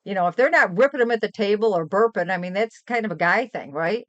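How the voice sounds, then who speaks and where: Talking at a quick pace in a medium-pitched voice, an older woman streamer chats casually and spins animated, rambling stories. Her stream audio is dry, dull, and lo-fi.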